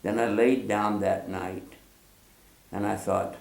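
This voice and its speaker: A man in his sixties from the United States, telling a personal story in a casual, animated way, chuckling often and acting out remembered voices. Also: fairly low pitch, slow, vocal fry. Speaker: storyteller guest. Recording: roomy echo.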